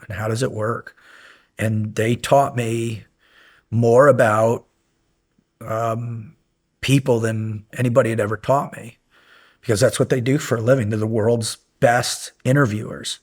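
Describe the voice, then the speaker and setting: A man's voice: medium pitch, a little slow. Rambling, profane middle-aged man telling war stories. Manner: rambling anecdotes with many fillers, profane and animated when recounting yelling. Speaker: podcast guest, former SEAL instructor. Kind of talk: casual storytelling interview.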